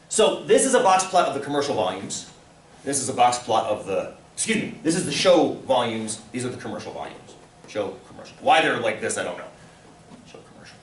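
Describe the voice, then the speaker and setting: A man teaching a statistics class, animated and full of questions for his students. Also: medium pitch, fairly quick. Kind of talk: classroom lecture. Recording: roomy, from far off, faint room noise.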